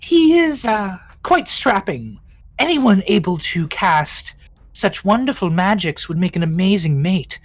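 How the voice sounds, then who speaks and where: A man voicing a huge, scheming female fish-creature queen in a high, coy, sing-song feminine voice. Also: expressive, a little slow, no echo, full character voice. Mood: flirtatious.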